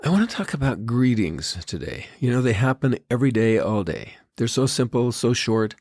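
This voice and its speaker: An older man hosting a podcast, telling stories in a gentle, unhurried devotional talk. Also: mid-range voice, very animated, no room sound, studio quality. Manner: gentle, unhurried storytelling with quoted foreign phrases. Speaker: podcast host. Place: Tahiti.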